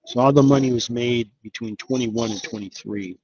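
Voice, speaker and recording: A man's voice: medium pitch, normal speed, a little mellow, husky, muffled recording. Chatty man hosting a stock live stream. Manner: chatty, upbeat, thinks aloud with many fillers. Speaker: investing channel host. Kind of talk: casual live-stream commentary.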